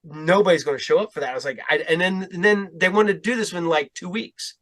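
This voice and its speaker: A man's voice: sits high, fast talker, fairly bright tone. A middle-aged man hosting a podcast, chatting casually and rambling through a story as he quotes himself and others. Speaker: podcast host. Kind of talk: casual chat.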